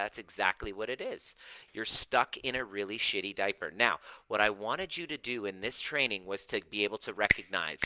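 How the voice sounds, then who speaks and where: A middle-aged man talking straight to viewers as a coach, animated and emphatic. He slows down on key words to drive them home. His voice is bright and forceful, recorded close and dry. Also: on the low side, no room sound, rough recording. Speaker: personal growth coach. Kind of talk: direct-to-camera coaching talk.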